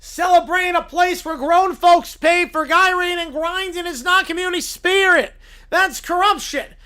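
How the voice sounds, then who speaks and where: A man voicing a loud, self-righteous male lawyer with a put-on Southern drawl who moralizes in folksy sayings, in a comic courtroom role-play. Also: fairly even intonation, moderate pace. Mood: indignant. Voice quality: booming, preachy, folksy sayings.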